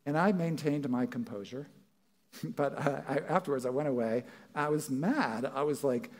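With a voice a little on the high side, a male pastor preaches in a church at a moderate pace. His delivery is conversational, and he acts out quoted voices of what people might say.

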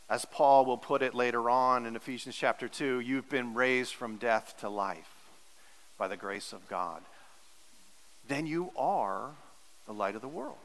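A man's voice: mid-range voice, sharp tone, big-room sound, rough recording. A male pastor preaching a sermon in an earnest, teacherly way, leaning hard on repeated words for emphasis.

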